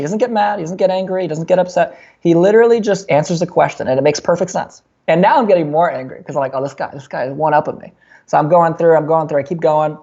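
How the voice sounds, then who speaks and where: A young man in his twenties, a podcast guest, telling a long personal story in a casual, animated way with many fillers and restarts. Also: fairly high pitch, lo-fi sound.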